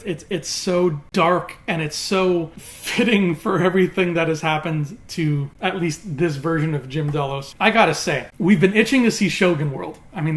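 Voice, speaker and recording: A man talking casually as a TV reviewer, recapping in an animated way with quick acted quotes. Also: on the high side.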